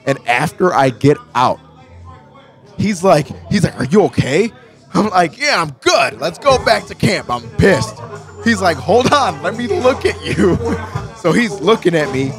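A podcast co-host with a slightly high voice tells a story in unhurried, casual chat, swearing freely and acting out what people said. Faint music plays behind him.

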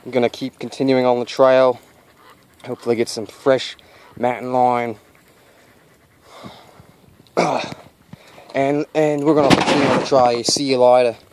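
A man fronting a mock survival show outdoors on a trail, in a put-on accent that blends British, Australian and American. His voice sits at an ordinary middle pitch, with a faint hiss of outdoor noise behind him. His tone is jokey, sweary and full of casual bravado. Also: little pitch movement, unhurried, pauses often. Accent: put-on mix of British, Australian and American. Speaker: vlogger. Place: outdoors on a canyon hiking trail.

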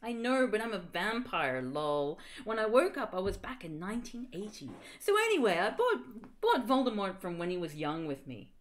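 Woman, streamer, reading fan fiction aloud, giggly, melodramatic, very animated pitch. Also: normal speed, few pauses. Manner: giggly, melodramatic, stumbling over misspelled words. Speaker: streamer host.

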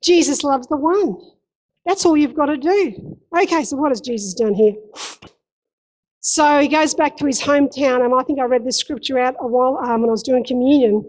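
A woman's voice: high voice, normal speed, a little mellow, low-quality recording. A woman pastor preaching a sermon in a church, impassioned and emphatic, repeating key phrases. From Australia.

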